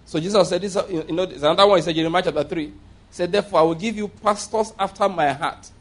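A man's voice: sits high, quick pace. A man preaching a sermon, reading scripture aloud and stressing words for emphasis, with occasional restarts.

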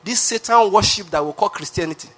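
A Nigerian-accented pastor preaching a sermon with emphatic repetition, often asking the congregation questions. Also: male voice, sits high, fast, a bit bright. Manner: emphatic, repeats phrases, asks the crowd questions.

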